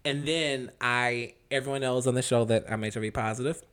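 A man's voice: medium pitch, fairly even intonation, a little fast, a bit bright, clear, resonant tone. Frank, reflective young man co-hosting. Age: young adult. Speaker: podcast co-host. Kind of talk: casual chat.

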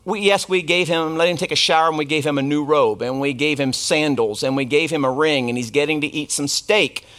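A man's voice: fairly high pitch, brisk, fairly bright tone. A man who is a pastor, preaching a sermon in a conversational storytelling way, with asides and questions to the congregation.

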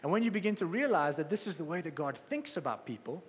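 Man, sermon, passionate preaching, fairly high voice, long echo of a big hall. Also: big pitch swings, fast. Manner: passionate, rising to exclamations then dropping soft.

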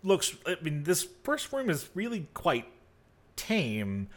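A man's voice: fairly high pitch, wildly swooping pitch, slow pace. A man running a tabletop game as game master, narrating casually with many fillers and restarts. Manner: casual, rambling, full of fillers.

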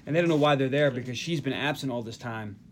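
A man's voice: medium pitch, quick pace, a little hiss or hum. A man from the Northeast US hosting a casual podcast, animatedly retelling movie scenes. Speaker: podcast host. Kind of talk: casual movie recap chat.

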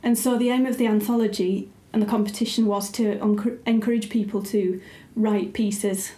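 A woman's voice: mid-range voice, steady tone, moderate pace, mellow, roomy sound. A woman, a writer and editor, chatting casually and thoughtfully with frequent ums. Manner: thoughtful, a little hesitant with many ums. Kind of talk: casual conversation.

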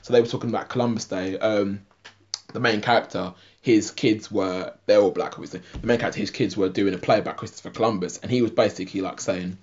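A man's voice: on the low side, fairly even intonation, fast talker. Rambling man retelling a cartoon. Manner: rambling retelling, heavy use of "like", frequent laughter. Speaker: podcast co-host. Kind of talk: casual film and TV review chat. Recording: dull lo-fi podcast audio.

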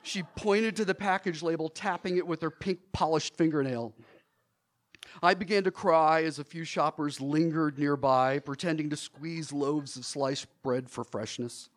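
Animated man telling a personal story. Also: fairly high pitch, normal speed. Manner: animated, theatrical, with laughs in his voice.

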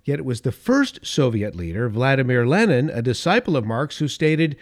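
A man, middle-aged or older, delivering an opinion monologue as a political commentator, emphatic, repeating key phrases for stress and dropping into soft asides. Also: medium pitch, big pitch swings, moderate pace, few pauses.

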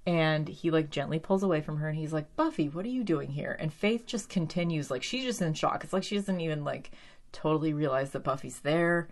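A woman chatting casually as she recaps a TV episode, animated, with lots of "like" and some swearing. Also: deep voice, fairly quick.

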